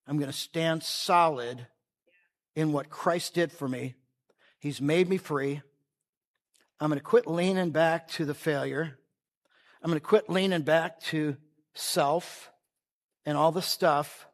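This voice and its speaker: A male preacher delivering a sermon, who switches between shouting for emphasis and a calm, conversational way of talking. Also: fairly high pitch, takes it slowly, long pauses, long reverb tail.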